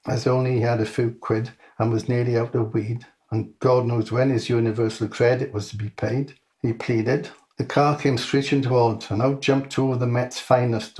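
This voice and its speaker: A man reading his own comic short story aloud in a dry, deadpan manner. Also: mid-range voice.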